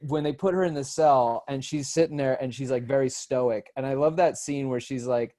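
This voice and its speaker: A man co-hosting a podcast, retelling scenes in a rambling, excited way, laughing as he goes. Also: medium pitch, normal speed. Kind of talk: casual podcast chat.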